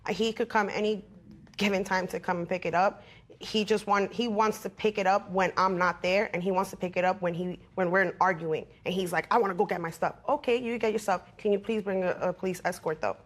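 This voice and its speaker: A woman's voice: medium pitch, steady tone, brisk. A young woman, a litigant on a courtroom show, defensively explaining her side. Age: young adult.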